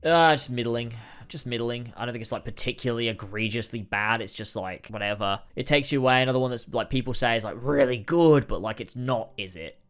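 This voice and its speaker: A man's voice: medium pitch, a little fast, hardly any pauses, fairly bright tone. A man giving casual, exasperated ranking commentary, swearing and sighing often. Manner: exasperated, frequent swearing and sighs. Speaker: video creator ranking episodes.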